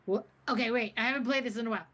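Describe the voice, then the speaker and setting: A woman's voice: a little high, steady tone, rapid-fire, a bit bright. A woman playing a tabletop role-playing game, talking in character in a hesitant, stammering way. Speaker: player.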